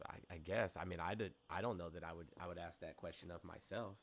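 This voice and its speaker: A man with a low, gravelly voice argues in a casual, skeptical way. He meets claims with short, flat denials and asks pointed questions back. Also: fast, no room sound, studio quality. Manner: blunt, skeptical, curt denials. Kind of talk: casual debate.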